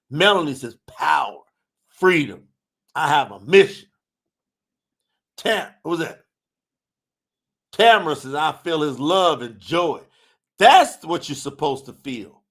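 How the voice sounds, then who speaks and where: A man's voice: on the high side, takes it slowly, long pauses, slightly rough. A man hosting a religious livestream, reading chat comments aloud and preaching. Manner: animated, preacher-like, shouts at times. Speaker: religious talk host.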